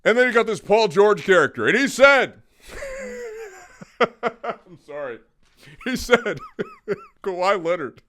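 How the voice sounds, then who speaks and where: Animated, high-voiced young man hosting. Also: measured pace, pauses often, no echo. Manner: mock-grandiose speechmaking. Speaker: debate show host. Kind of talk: comedic sports debate.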